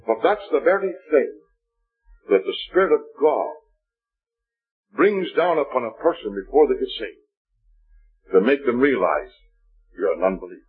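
Here a man gives a testimony sermon in the form of a story, voicing the people he quotes in the dialogue. He has a mid-range voice with a breathy edge, captured on a dull lo-fi recording.

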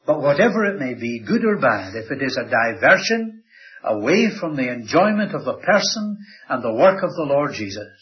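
A man delivers a sermon in a mid-pitched voice. He swings between loud, raised passages and quiet, dropped asides for emphasis. The recording sounds dull and lo-fi. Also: big pitch swings, moderate pace. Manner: dramatic rises and drops in pitch and volume. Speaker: preacher.

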